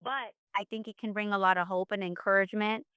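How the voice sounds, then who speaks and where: A woman's voice: mid-range voice, fairly even intonation, quick pace, sharp tone, smooth, dry recording, studio quality. A middle-aged woman, a mother, telling her family's story in a podcast interview, earnest and full of faith. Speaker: guest, mother of an autistic son.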